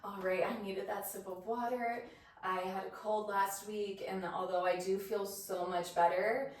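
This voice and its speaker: A woman leads a yoga flow, calling out breaths and poses at an unhurried pace with encouraging asides. She sounds a little out of breath as she moves. Her voice rings with heavy room echo and comes from a little way off the mic. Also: mid-range voice, fairly even intonation. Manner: encouraging, cueing each breath and pose. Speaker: yoga instructor. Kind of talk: guided yoga class cues. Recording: roomy echo, voice from a distance.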